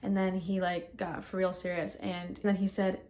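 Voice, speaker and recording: A woman recounting a personal ordeal in casual first-person storytelling, talking in quick bursts full of fillers, recorded outdoors. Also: fairly low pitch, level tone, darkish tone.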